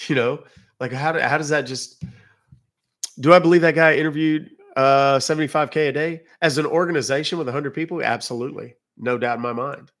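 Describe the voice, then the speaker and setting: The voice is fairly high and a bit bright, with fairly even intonation and a fairly quick pace. It's a British-accented man from England hosting a livestream, chatting loosely with viewers and often cutting himself off.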